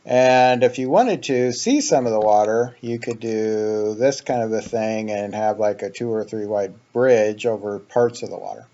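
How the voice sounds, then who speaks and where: A man's voice: lowish voice, measured pace, few pauses, dark tone, dull audio. A man hosting a casual let's play, explaining his building ideas as he thinks aloud, with frequent ums. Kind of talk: casual gameplay commentary.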